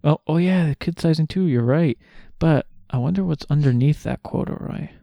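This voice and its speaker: Mellow-voiced man teasing his co-host. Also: fairly high pitch, moderate pace, gravelly, no echo. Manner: teasing, jokey questions, laughs easily. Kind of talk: casual chat.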